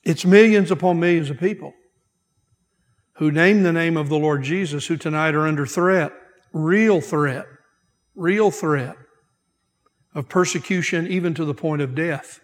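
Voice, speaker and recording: A man preaching a sermon as pastor, emphatic, repeating key phrases and slowing down to stress them. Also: on the high side. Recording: long hall reverb.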